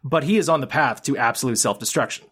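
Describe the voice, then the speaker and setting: A man's voice: medium pitch, fast, husky. A married man co-hosting a podcast, discussing a film in casual chat, swearing freely and acting out scenes. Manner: animated, swearing, acts out film scenes in quotes. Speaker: podcast co-host.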